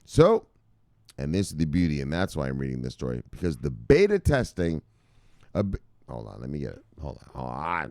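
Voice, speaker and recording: A man with a deep voice runs a casual crypto news show, swinging his intonation up and down as he gets worked up. He swears freely and keeps calling his viewers brothers. The sound is dry and close. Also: brisk, gravelly, no echo. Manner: animated, profane, talks to viewers as brothers. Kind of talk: excitable casual news commentary.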